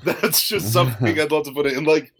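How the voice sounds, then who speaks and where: A man's voice: on the high side, brisk, crowd noise. A man co-hosting a podcast in loose, rambling chat, swearing freely and filling with "like". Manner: rambling, profane, lots of "like". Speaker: podcast co-host.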